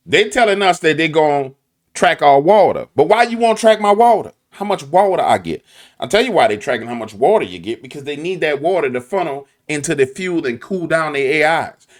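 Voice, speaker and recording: A man with a New Orleans accent giving animated, preachy commentary full of slang and repetition. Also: medium pitch. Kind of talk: conspiracy commentary.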